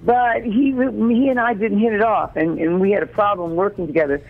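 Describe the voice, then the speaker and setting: A woman in her sixties from Chicago, telling stories as an interview guest in an animated, chatty way and often repeating words as she starts a sentence. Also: mid-range voice, normal speed. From South Side Chicago. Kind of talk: casual storytelling. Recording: phone-like narrow sound.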